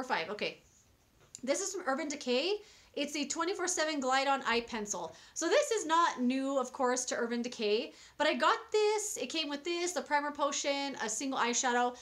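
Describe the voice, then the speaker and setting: Chatty young woman with a high voice. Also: fairly bright tone. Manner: chatty and enthusiastic, with many fillers and restarts. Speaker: beauty vlogger. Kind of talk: casual product review.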